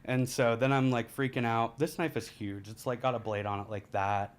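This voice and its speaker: A man, a podcast guest telling a rambling, candid story and laughing through the dark parts. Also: medium pitch, fairly even intonation, moderate pace, smooth. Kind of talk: casual storytelling.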